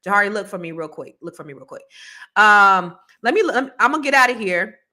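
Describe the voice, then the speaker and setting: A woman hosts a casual livestream with a bright, forceful voice. She reads viewer comments and talks bluntly, swearing freely and swinging from low mumbles to heated rants. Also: lively intonation, fairly quick. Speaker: host.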